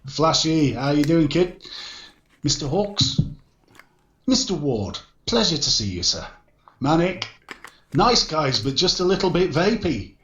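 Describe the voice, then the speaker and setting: A man's voice: a little high, very animated, measured pace, fairly bright tone. A man hosting a casual livestream, jovially greeting viewers by name. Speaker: show host. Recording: echoey, dull online call audio.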